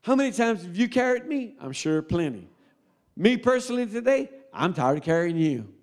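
A man preaching a sermon, folksy and close to tears, swinging between loud appeals and quiet asides. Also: high-pitched, very animated, moderate pace.

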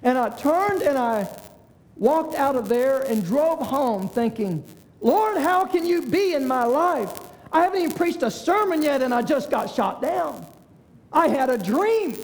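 A man in his 60s with a very high, slightly mellow voice, a pastor telling a personal story in his sermon in a folksy way and acting out the voices of the people he quotes. A large hall gives the recording a long reverb.

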